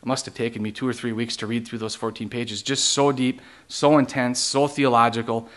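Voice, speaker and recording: A man's voice: mid-range voice, flat delivery, a little fast, fairly bright tone. A man preaching a sermon as pastor, teaching theological ideas and putting question after question to his congregation. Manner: asks the congregation many rhetorical questions; teaching, explains theological terms.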